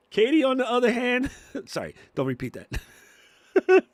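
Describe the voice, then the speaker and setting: A man in his fifties hosting a casual live-stream Q&A from his home studio, animated and laughing, swearing freely. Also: very high-pitched, slow pace, dry recording. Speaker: host. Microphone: studio microphone.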